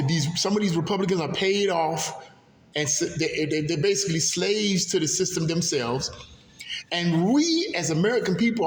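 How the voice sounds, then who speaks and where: A man with a fairly high voice gives heated political commentary, rambling and circling back over his points. He records in a hallway, so his voice rings with a long echo. A faint rumble runs underneath. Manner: impassioned, rambling, repeats himself. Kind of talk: casual political commentary vlog.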